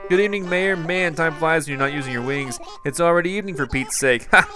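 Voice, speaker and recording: A man's voice: on the high side, fast, over music, voice pushed up, lightly acted. A man reading a punny winged mailman. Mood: goofy. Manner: corny, punny, cracks himself up. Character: goofy male winged mail carrier, jokey.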